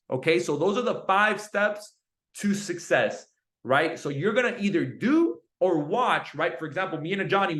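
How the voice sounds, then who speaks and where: A young man with a high voice gives a motivational coaching talk to his team. He is hyped and energetic, repeats his points, and keeps asking "right?". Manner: energetic, repetitive, hyped, says "right?" often. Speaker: team leader on a sales call.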